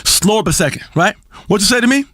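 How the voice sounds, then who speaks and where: An unhinged self-help doctor hosting a game's talk radio show, his voice pitched very high and bright as it swoops wildly across its range. He rants theatrically, crooning one moment and shouting the next. The sound is dry and close, with faint music underneath. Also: lively intonation, fast, husky, no room sound, full character voice. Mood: manic. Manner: theatrical, ranting, swings between crooning and shouting. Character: flamboyant erratic male radio health guru. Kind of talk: comedic radio show acting.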